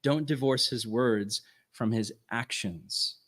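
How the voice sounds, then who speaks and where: A man of middle pitch gives a ministry workshop talk with an earnest, conversational delivery. He often tosses in casual "right?" asides. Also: slow pace, fairly bright tone.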